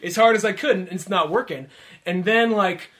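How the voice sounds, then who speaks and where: Rambling, bright-voiced man telling a story. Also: high voice, moderate pace. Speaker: podcast co-host. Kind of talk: casual comedic chat.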